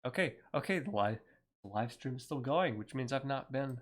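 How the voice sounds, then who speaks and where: A man's voice: mid-range voice, lively intonation, moderate pace. A man ranting on a livestream, heated and profane, talking in a rambling way. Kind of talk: angry livestream rant.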